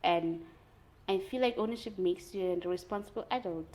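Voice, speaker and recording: A young woman talking candidly in a casual conversation, telling her stories in an animated way and laughing often. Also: lowish voice, moderate pace, rough recording. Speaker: guest.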